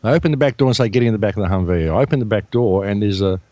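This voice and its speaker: A man's voice: fairly low pitch, rapid-fire, no echo. An Australian man telling a story as a radio guest, acting out what people said. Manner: animated storyteller acting out quotes.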